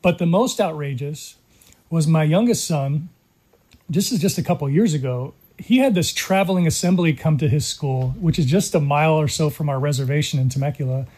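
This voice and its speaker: Earnest middle-aged man, higher voice. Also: darkish tone, slightly rough. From California. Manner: earnest, measured storytelling with fillers. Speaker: guest, documentary creator. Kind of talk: interview conversation.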